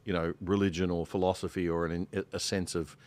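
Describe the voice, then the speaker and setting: A man on a discussion panel, speaking earnestly and growing heated, going quiet on grave points. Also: low-pitched, little pitch movement, brisk, no echo. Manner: earnest, heated, drops soft on sad points. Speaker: panel guest, show host.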